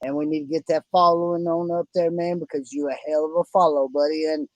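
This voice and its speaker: A man's voice: a little high, level tone, quick pace, no room sound, poor audio. A man with an Oklahoma country accent hosting a casual fantasy football podcast, folksy and effusive, calling everyone buddy and brother. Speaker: podcast host.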